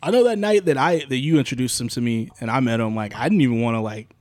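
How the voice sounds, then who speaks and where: A man co-hosting a podcast, chatting casually in a rapid, rambling, slangy way. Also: mid-range voice, a little mellow, no room sound. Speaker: podcast co-host. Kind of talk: casual chat.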